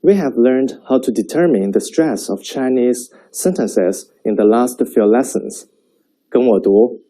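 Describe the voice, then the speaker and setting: A man teaching a Chinese language lesson, speaking slowly and clearly so learners can repeat after him. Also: mid-range voice, mellow, poor audio. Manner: slow, clear modeling of sentences for repetition.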